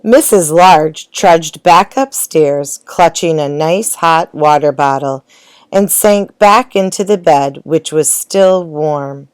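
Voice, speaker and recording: A woman reading a picture book aloud in a gentle, expressive way. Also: sits low, slow pace, smooth, no room sound. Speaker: storybook reader.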